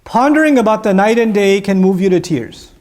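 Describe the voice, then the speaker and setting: A man's voice: high voice, brisk. A man giving a lecture on Quran verses, telling stories with energy and putting questions to his listeners. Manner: animated storytelling, asks the audience questions. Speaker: Islamic teacher.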